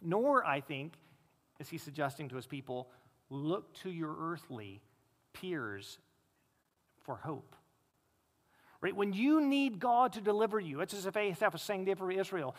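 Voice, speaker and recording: Male pastor, high voice, emphatic sermon delivery, long hall reverb. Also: big pitch swings, unhurried. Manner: emphatic preaching, swings between loud rises and low, quiet stresses.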